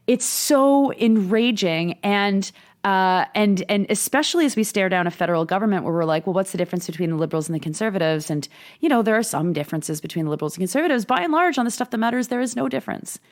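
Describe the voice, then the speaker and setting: A woman co-hosting a political talk show, speaking in an impassioned, indignant way with many restarts. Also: medium pitch. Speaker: podcast co-host. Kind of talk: casual political chat.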